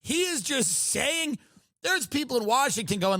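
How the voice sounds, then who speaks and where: A man hosting a comedy podcast, ranting in an animated, sarcastic and profane way. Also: very high voice, unhurried, no room sound, studio quality. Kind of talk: comedic rant.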